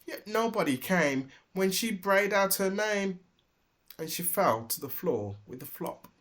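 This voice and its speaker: A dad reading a rhyming picture book aloud at an unhurried pace, his voice rising and falling in a lively sing-song. Every rhyme comes out expressive and clear. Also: high-pitched. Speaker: storybook reader. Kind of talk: rhyming storybook read-aloud.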